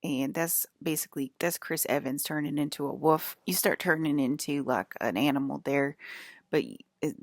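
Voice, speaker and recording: Woman vlogger, low and gravelly, rambling and swearing a lot, annoyed, dry close sound. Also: no room sound. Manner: profane, irritated rant. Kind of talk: rambling monologue.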